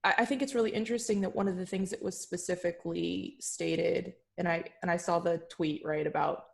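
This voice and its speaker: A woman's voice: on the low side, steady tone, a little fast, creaky. A woman co-hosting a podcast, chatting casually about politics, with lots of fillers and hedges. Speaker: podcast co-host.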